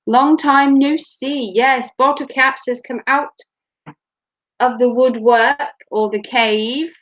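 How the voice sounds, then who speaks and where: A woman's voice: high voice, fairly even intonation, takes it slowly. Chatty woman with slight Norfolk accent. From Norfolk, England. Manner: chatty, laughing, swears freely. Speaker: vlogger, mother. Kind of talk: casual chat. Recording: dull lo-fi home recording.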